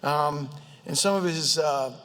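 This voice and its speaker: A man with a Southern accent introducing a colleague in a humorous floor speech, halting with many fillers and jokes, his voice high and a bit squeaky. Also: fairly bright tone. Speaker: state legislator introducing a colleague. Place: state house chamber. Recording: long reverb of a legislative chamber.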